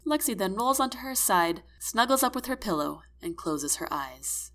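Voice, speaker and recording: A woman narrating a first-person audiobook with expressive, emotional storytelling. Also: on the low side, moderate pace.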